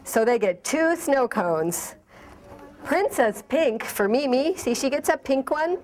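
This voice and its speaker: Animated woman reading at storytime. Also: high voice, takes it slowly. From El Paso, Texas. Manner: animated, asks children questions. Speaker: library director reading at storytime.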